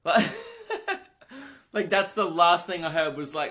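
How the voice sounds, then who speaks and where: Rambling young comedian, slightly high voice. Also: male voice, slow pace. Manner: rambling, animated storytelling with frequent swearing and filler words. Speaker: comedian podcast host. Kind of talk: solo comedy podcast monologue.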